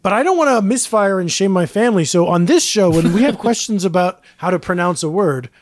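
A man's voice: sits high, lively intonation, fairly quick, no echo, clean studio sound. A man co-hosting a casual podcast chat, jokey and rambling, with frequent fillers as he presents the drink of the day.

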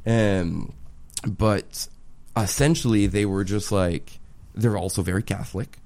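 A man's voice: fairly low pitch, measured pace. A man in his twenties in casual chat, telling stories with lots of swearing and jokes. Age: 20s. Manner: animated, swearing, joking storyteller.

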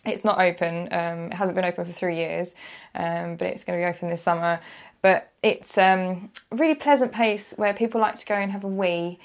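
A woman, a freelance motoring journalist, telling a personal story in a casual podcast chat, animated and quick to act out what people said. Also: fairly low pitch. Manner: animated storyteller, acts out quotes, laughs often.

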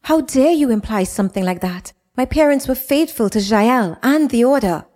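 A woman's voice: fairly high pitch, animated, moderate pace, darkish tone, pitched above the performer's own voice. A woman voicing a distraught, tearful young woman who stammers through sobs, read as an audiobook. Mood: indignant. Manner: stammering, sobbing.

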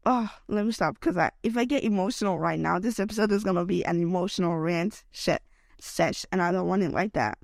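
A woman's voice: on the low side, fairly quick, creaky, a little mellow, no echo, clean studio sound. A young woman hosting a solo podcast rant while sick, her voice worn by illness, rambling and emotional with lots of "like" and "okay?". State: unwell, voice affected by illness. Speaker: podcast host.

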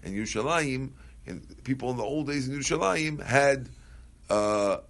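A man's voice: mid-range voice, lively intonation, normal speed, fairly bright tone. A man leading a Talmud class in a casual, conversational way. He reads Aramaic lines, translates them into English, asks questions aloud and answers students. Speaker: Talmud teacher.

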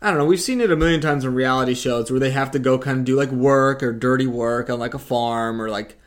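A man in a relaxed, casual conversation, his voice sitting in an ordinary middle pitch. He rambles and circles back on himself, leaning on filler words. His tone carries steady exasperation. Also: fast. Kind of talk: casual chat.

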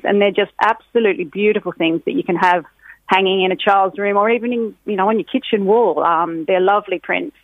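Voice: mid-range voice, no echo. This is a middle-aged speaker, chatting cheerfully as an interview guest. The voice sits in an ordinary middle range. It comes over a tinny phone line, dry and narrow. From Australia. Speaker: guest, graphic designer.

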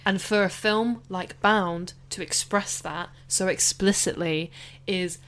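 A woman co-hosting a podcast, chatting casually about a film, animated and quick to laugh. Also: fairly low pitch. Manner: animated, laughs often, tries voices. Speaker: podcast co-host. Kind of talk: casual film-review chat.

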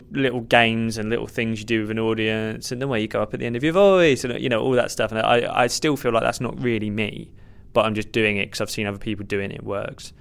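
A man's voice: lowish voice, creaky, clean tone. A young man, a stand-up comedian, answering interview questions in a rambling, self-deprecating way with many restarts. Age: young adult. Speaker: stand-up comedian, podcast guest. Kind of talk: earnest conversational interview.

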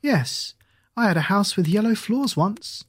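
A reader voicing a cheerful, kindly eccentric aunt in a storybook, gentle and reassuring. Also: medium pitch, lively intonation, measured pace, slightly rough, pitched above the performer's own voice. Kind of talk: storybook character voice.

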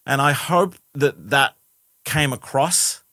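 A man talks loosely as a guest, circling back with restarts and "you know" fillers. His voice sits at an ordinary middle pitch. The recording is close and dry, with no room sound. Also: expressive, slow pace, pushed and bright, dry recording. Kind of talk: casual interview chat.

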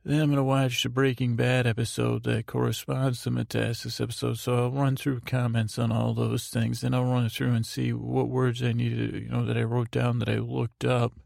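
Gravelly, rambling sleepy podcast man. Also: medium pitch, little pitch movement, normal speed, hardly any pauses, darkish tone, no echo, clean studio sound. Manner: detached, tired, meandering with many restarts. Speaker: podcast host.

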